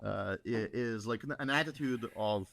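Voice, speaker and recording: A man speaking as a guest in a casual chat, talking in a measured, halting way and repeating words as he thinks. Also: mid-range voice, vocal fry, a bit bright.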